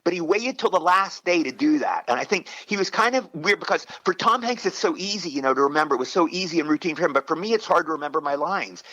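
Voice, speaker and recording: A man in his sixties, an actor telling rambling, excited stories with many restarts in a casual interview. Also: fairly high pitch, quick pace, few pauses, no room sound, muffled recording. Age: 60s. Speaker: actor guest.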